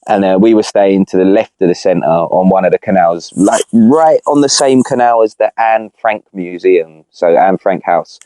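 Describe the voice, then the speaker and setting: A man's voice: low-pitched, moderate pace, few pauses, mellow, no echo. A young man on a podcast, chatting casually in rambling slang with lots of restarts. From Britain. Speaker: podcast co-host. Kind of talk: casual chat.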